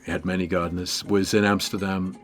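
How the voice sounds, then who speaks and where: An English man in his fifties, a guest guitarist telling stories in an interview in a chatty, animated way, full of "you know" and "like". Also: deep voice, brisk, faint music behind. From England. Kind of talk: casual storytelling in an interview.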